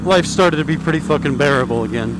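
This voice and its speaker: A man's voice: on the high side, fast. A man vlogging while riding his motorcycle, telling a long, angry, profanity-laden story in a rambling way. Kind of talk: profane ranting vlog. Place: outdoors riding a motorcycle on a country road. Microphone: helmet action camera. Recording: engine and wind noise.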